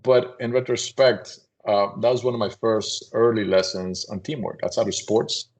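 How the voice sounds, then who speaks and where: A man, a company CEO, telling anecdotes in a casual, animated podcast conversation and acting out voices as he goes. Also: fairly low pitch, normal speed. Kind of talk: casual storytelling.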